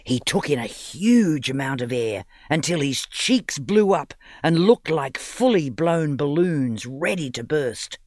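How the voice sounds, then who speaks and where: Lively male storybook narrator. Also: on the high side, unhurried, hardly any pauses, dry recording, clean studio sound. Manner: expressive, playful reading. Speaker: audiobook narrator.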